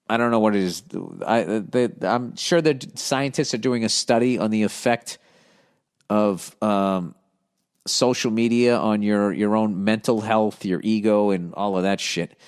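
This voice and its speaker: Brief: middle-aged male comic podcaster, casual profane rants reading listener mail, ordinary mid-pitched voice. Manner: blunt profane ranting with lively animated swings.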